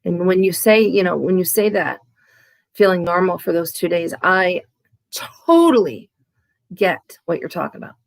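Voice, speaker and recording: A woman vlogger speaking candidly and haltingly about her own recovery, with frequent restarts. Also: fairly low pitch, animated, gravelly, no room sound. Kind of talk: candid, emotional to-camera talk.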